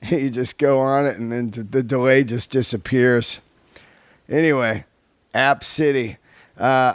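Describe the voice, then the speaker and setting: A man's voice: mid-range voice, no echo, clean studio sound. A middle-aged man hosting a podcast in a loose, profane, laughing way. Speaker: podcast host. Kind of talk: casual monologue and interview.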